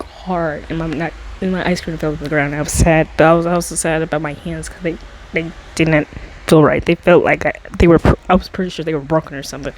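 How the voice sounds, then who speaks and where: A woman telling a personal story in a casual storytime monologue, rambling with many fillers and restarts, and climbing higher as she relives the dramatic parts. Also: slight background noise, rough recording. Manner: gets high and excited when retelling dramatic moments. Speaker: storytime vlogger.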